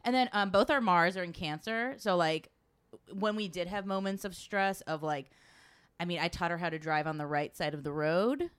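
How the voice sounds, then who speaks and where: A woman's voice: lowish voice, normal speed, clear, resonant tone. A woman telling a travel story in casual chat, swearing freely and acting out what people said. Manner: animated storyteller, swears freely, acts out quotes.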